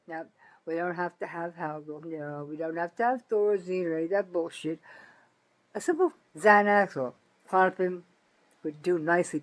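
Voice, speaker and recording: An angry older woman from North Jersey, USA, rants politically to camera at normal speed, and the audio is poor. The vlogger is bitter and foul-mouthed, lurching from loud outbursts down to low muttering.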